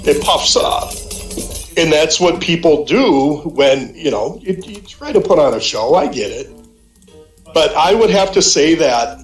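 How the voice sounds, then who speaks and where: A man in his fifties from Minnesota, telling an animated, profane story on a voice call and acting out the quotes. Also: fairly high pitch, reverberant. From Minnesota, USA. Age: 50s. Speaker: guest, a friend's dad on a call.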